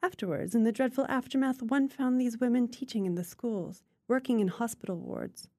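A woman reading a literary short story aloud in a measured, unhurried way. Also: fairly high pitch, a little mellow, no echo, studio quality. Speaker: guest reader.

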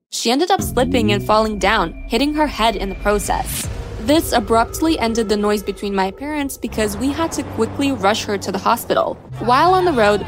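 A woman reading a scripted first-person story with steady storytelling delivery. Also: fairly high pitch. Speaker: story narrator.

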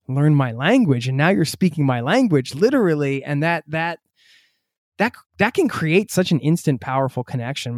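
A man hosting a podcast in casual interview chat, relaxed and chatty, thinking aloud as he talks. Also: medium pitch, dry recording, clean studio sound. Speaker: podcast host.

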